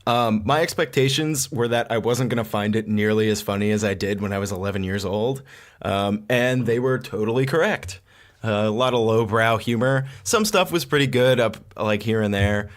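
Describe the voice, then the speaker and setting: A young man with a fairly low voice co-hosts a casual podcast. He talks in a loose, rambling way, full of fillers, and laughs easily. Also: moderate pace. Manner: relaxed, filler-heavy chatter with laughs. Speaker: podcast co-host. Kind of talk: casual chat.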